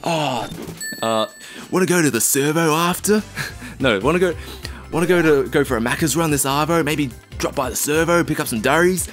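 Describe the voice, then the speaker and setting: A man's voice: on the high side, normal speed, a bit bright, faint music behind, pitched above the performer's own voice, natural voice. A man putting on an exaggerated broad Australian accent, playing a cheeky slang-heavy bloke in a mock drawl. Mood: jokey.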